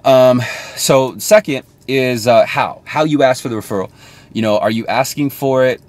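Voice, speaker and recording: A man's voice: medium pitch, moderate pace, darkish tone. A man talking casually to camera as a sales coach, chatty and thinking aloud as he explains.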